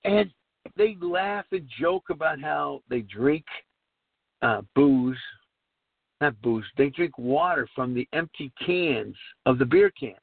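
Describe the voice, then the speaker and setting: A man's voice: fairly high pitch, expressive, slow pace, gravelly, dry recording. A middle-aged man hosting a recovery talk show, speaking in a rambling, earnest way and repeating himself. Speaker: podcast host. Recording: tinny phone-like line.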